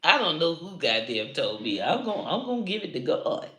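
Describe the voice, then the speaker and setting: A woman comedian ranting to camera, loud and profane, swearing freely and laughing at her own jokes. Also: low-pitched, very animated, moderate pace, roomy sound. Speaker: comedian and online creator. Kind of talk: unscripted profane rant to camera.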